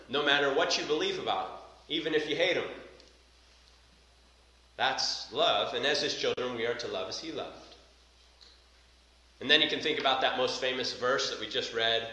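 A male pastor delivers an earnest sermon, stressing his points through repetition. His voice is bright and forceful, sitting at an ordinary pitch. The sound carries heavy reverberation, as from a large hall. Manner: earnest, emphatic preaching with repetition.

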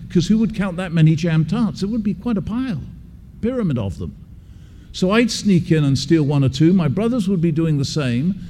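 A man's voice: high-pitched, dark tone, a little hiss or hum. A man from England, preaching an expository sermon. He talks emphatically and repeats key words for stress. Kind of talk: expository sermon with personal story. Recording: long hall reverb.

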